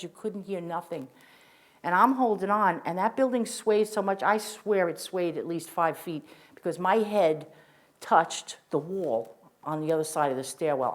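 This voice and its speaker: An older woman recounts her own experience as spoken testimony. Her voice sits a little low for a woman. She tells it earnestly and vividly and often restarts her sentences as she goes. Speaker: witness sharing testimony. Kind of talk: first-person spoken testimony.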